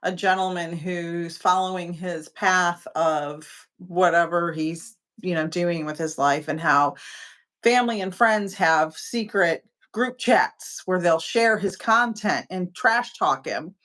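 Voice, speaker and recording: A woman's voice: on the low side, slow pace, a bit bright. A woman co-hosting a casual chat, a supportive listener who murmurs agreement and adds her own stories. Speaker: tarot reader and co-host.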